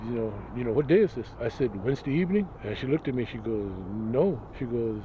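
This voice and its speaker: A man's voice: mid-range voice, lively intonation, fast, narrow, tinny audio, background noise. A man, a religious leader, telling his life story in an interview outdoors, in a rambling, vivid way with quoted voices. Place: outdoors near a road.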